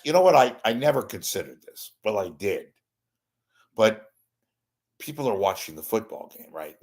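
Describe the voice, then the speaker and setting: An older man talks loosely through a casual livestream monologue, wandering off topic and back again. He keeps breaking in on himself with crude jokes and asides. His voice sits on the low side. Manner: rambling, self-interrupting, with bawdy jokes. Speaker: host.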